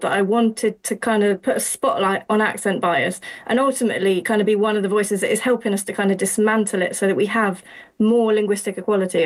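A woman with an Essex accent, an academic guest explaining her research in a thoughtful, explanatory way. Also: medium pitch. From Essex, England. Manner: thoughtful, explanatory, uses fillers like 'kind of'. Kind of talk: interview explanation.

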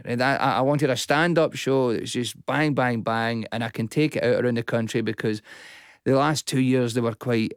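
A man's voice: mid-range voice, no room sound, clean studio sound. Man telling stories animatedly. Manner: animated storyteller, acts out quotes. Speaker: stand-up comedian guest. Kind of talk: casual interview chat.

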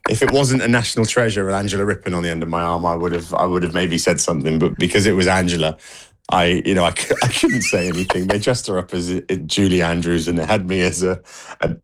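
A man's voice: deep voice, a little fast, noisy background. A man talking casually as a guest on a radio show, chatty and full of "you know" and restarts. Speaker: guest dancer. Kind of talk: casual radio interview chat.

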